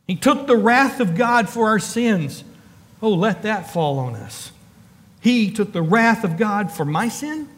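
Preaching in a large hall, a pastor with a high, fairly bright voice builds emphatic lists and calls out to his congregation. His delivery features rising, forceful calls and quick asides.

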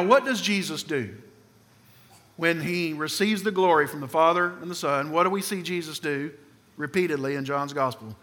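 A man preaching a sermon with emphasis, putting questions to the congregation and swinging between loud and soft passages. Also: a little high. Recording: long hall reverb.

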